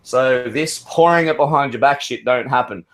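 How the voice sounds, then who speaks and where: A man's voice: medium pitch, normal speed, fairly bright tone. A man on an open-mic call, telling a long, rambling story in casual chat and swearing freely. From Australia. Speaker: caller.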